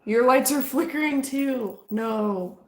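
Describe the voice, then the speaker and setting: In an echoey room inside a house, a paranormal investigator talks casually in a higher, slightly mellow voice at a slow pace during a ghost hunt. Her sentences keep trailing off and restarting, and now and then she stops to ask the spirits something. The recording quality is low.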